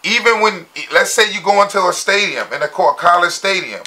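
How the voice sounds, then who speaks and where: A man with a bright, high voice co-hosts a loose talk show. He pushes his argument and talks over the others. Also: animated, a little fast. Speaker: podcast co-host. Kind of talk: casual group debate.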